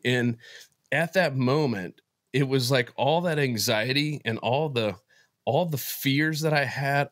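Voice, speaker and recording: A man speaks as a guest in a relaxed interview, earnest and openly moved as he tells a personal story. His voice sits at an ordinary middle pitch and he stops and restarts his sentences often. The recording is close and dry, with almost no room sound. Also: dry recording. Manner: earnest and emotional, halting restarts. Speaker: podcast guest, business founder.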